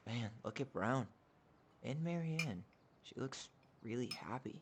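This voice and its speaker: An actor playing a young man in a game, an earnest twin brother who talks softly. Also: mid-range voice, expressive, measured pace, noisy background. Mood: fond.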